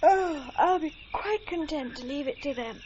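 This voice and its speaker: An actress playing an excitable young British bride on a trek, talking in a bubbly way. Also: female voice, high voice, normal speed, lightly acted. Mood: content. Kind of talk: radio drama acting. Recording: muffled radio recording with noise.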